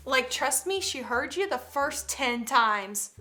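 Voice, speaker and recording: Comedy host: young woman, high bright voice, animated, quick to laugh and break into voices. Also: soft background music. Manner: animated, laughing often, jumps into loud put-on voices. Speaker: comedy YouTuber reacting to parenting tweets. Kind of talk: comedic commentary with acted voices.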